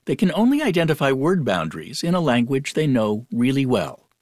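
A man reporting a radio news story in a measured broadcast delivery. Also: mid-range voice, sing-song, darkish tone, no room sound, studio quality.

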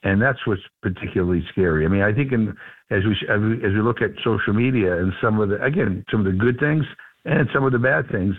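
A man's voice: lowish voice, creaky. A congressman as a radio guest, talking earnestly and emphatically with many restarts, heard over the phone. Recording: tinny phone line.

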